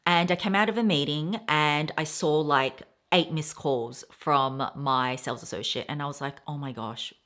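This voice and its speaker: A woman's voice: deep voice, normal speed, few pauses, fairly bright tone. Chatty woman rambling on. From Australia. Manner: chatty, rambling, storytelling with quoted voices. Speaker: vlogger. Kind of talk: casual haul chat.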